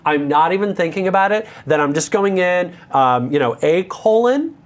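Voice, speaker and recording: Lively, joking American man teaching code. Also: high-pitched, normal speed. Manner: candid, self-deprecating, joking asides. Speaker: instructor. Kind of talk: live coding lesson.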